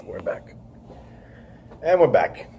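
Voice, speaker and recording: A man's voice: slow, darkish tone, a little hiss or hum. Rambling, casual podcast host man. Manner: rambling, swearing, leans on "freaking". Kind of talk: casual wrestling review chat.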